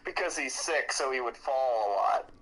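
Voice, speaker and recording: A man chatting on a call, making dry, deadpan jokes. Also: medium pitch, moderate pace, poor audio. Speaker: guest on a call. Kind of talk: casual chat.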